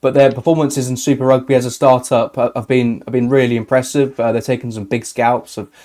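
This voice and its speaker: Male podcast host, warm mellow voice, conversational, a few fillers. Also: mid-range voice, level tone, brisk. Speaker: podcast host, assistant editor. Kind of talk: casual interview chat.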